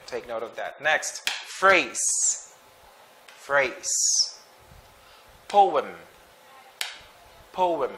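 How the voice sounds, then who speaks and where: A man teaching English pronunciation, reading sight words slowly and twice each, with short explanations. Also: mid-range voice, sharp tone, a little hiss or hum. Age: adult. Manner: slow and deliberate, repeats each word twice with brief explanations.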